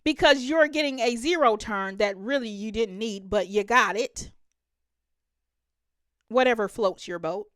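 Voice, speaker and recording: A woman's voice: fairly high pitch, a little slow, long pauses, fairly bright tone, dry recording, clean studio sound. A woman hosting a reaction video, talking emphatically to her viewers and laughing often. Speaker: reaction channel host. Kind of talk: reaction commentary.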